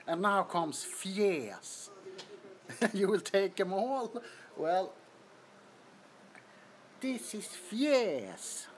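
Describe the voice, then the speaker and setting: Giggly Swedish-accented man, high voice. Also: big pitch swings, very slow, pauses often, slight background noise. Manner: giggly, amused, introducing kittens. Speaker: livestream host. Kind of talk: casual livestream chat. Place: indoors, apartment.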